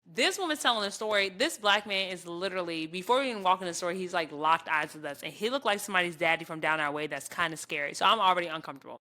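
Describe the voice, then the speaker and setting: A young adult woman from the States, co-hosting a podcast and telling animated stories in casual chat. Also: fairly low pitch, quick pace, hardly any pauses. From southern Virginia, US. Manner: animated storyteller, addresses listeners as y'all. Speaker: podcast co-host.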